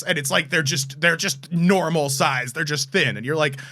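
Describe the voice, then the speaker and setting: A man co-hosting a podcast, arguing his point in casual, rapid chat. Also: a little high, bright, forceful tone. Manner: argumentative, rapid interjections. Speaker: podcast co-host.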